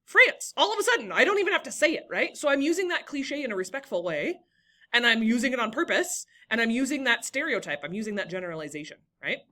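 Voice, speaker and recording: A woman's voice: a little high, big pitch swings, fast, sharp tone. A young woman teaching a classroom lesson, encouraging and talking to students by name.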